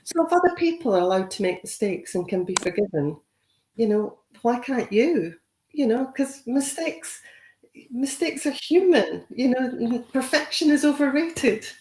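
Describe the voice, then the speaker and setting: A woman's voice: fairly high pitch, lively intonation, normal speed, a little mellow, reverberant. A woman giving a conversational training webinar, encouraging and full of "you know" fillers. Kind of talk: webinar talk.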